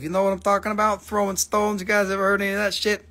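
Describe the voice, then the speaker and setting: A man with a slightly high voice hosts a live crystal sale. He rambles along in a loose, joking way, swears freely and keeps calling out to viewers by name. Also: steady tone, fast, fairly bright tone. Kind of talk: casual live sales pitch.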